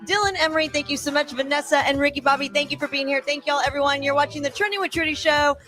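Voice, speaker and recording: A woman's voice: high voice, quick pace, bright, forceful tone, faint music behind. Upbeat woman hosting a live show. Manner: upbeat, rattles off thank-yous and names. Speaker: show host. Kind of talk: live talk show from a bar.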